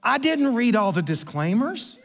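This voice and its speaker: High-voiced man telling a story. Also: big pitch swings, a little slow, fairly bright tone. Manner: rambling, self-deprecating, lots of restarts. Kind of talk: sermon storytelling.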